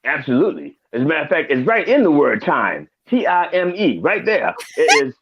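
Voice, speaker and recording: A very animated man with a slightly high, creaky voice talks briskly as a crude older reverend, rambling and profane with preacher-style asides. He's a comedic guest improvising in a studio, the sound lo-fi with a noisy background and a mixed mood.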